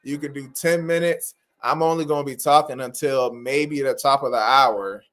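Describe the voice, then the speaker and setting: A man's voice: mid-range voice, fairly even intonation, moderate pace, fairly bright tone. A man hosting a livestream for sign language interpreters, talking casually and informally to viewers, often repeating phrases for emphasis. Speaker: host of an interpreting practice livestream.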